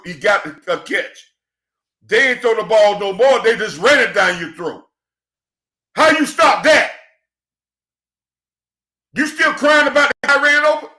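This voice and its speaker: A man in a passionate, preachy football rant, swinging between shouting and quiet emotion, calling his listeners "church". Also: high-pitched. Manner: preachy, emphatic, calls audience "church". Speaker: football commentator. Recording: echoey room.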